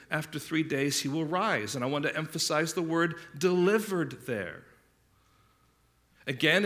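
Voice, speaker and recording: A man's voice: a little high, pushed and bright. A man preaching an earnest expository sermon to his congregation, repeating words as he explains a passage. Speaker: pastor.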